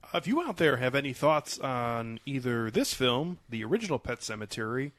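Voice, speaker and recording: A man's voice: mid-range voice, sing-song, normal speed, a bit bright, a little hiss or hum. A man hosting a casual film review podcast, laid-back and a little hesitant, with a lot of filler words. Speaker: podcast host.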